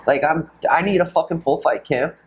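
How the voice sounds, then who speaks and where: A man in his twenties hosting a casual podcast chat, loose and profane, often slipping into animated impressions. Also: a little high, normal speed, poor audio. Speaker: podcast host, fighter.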